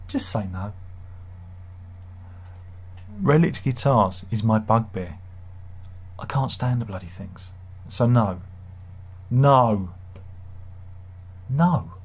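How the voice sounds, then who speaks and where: A man's voice: mid-range voice, a little mellow. A man hosting a live stream, reading chat comments and grumbling sardonically in a rambling, casual way. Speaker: livestream host.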